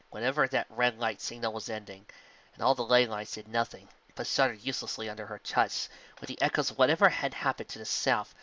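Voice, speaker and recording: Guy reading a story out loud, earnest, bright voice, dry lo-fi sound. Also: medium pitch. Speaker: fan fiction reader. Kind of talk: storybook narration.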